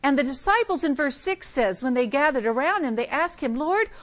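A woman's voice: high voice, expressive, brisk. An older woman giving a conversational sermon, acting out Bible scenes with humor. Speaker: preacher.

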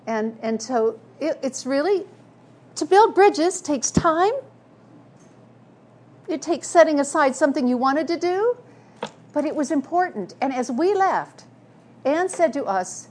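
A woman's voice: sits high, lively intonation, a little slow, a little mellow, slight background noise. A woman preaching a sermon, telling personal stories in an earnest way with frequent restarts. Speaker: speaker.

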